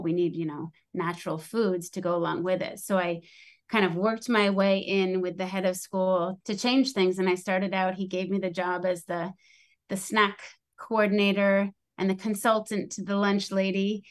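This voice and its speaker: A middle-aged woman from the United States, a guest on an interview show, telling her story in a chatty, animated way. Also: moderate pace. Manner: chatty and animated, acts out quoted voices with rising pitch. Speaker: podcast guest, school lunch program founder.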